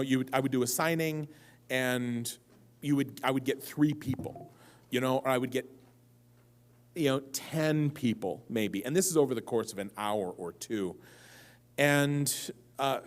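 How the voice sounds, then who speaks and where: A man answering audience questions on a convention stage, telling rambling, self-mocking stories that keep wandering off track. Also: a little high. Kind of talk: live convention Q&A storytelling.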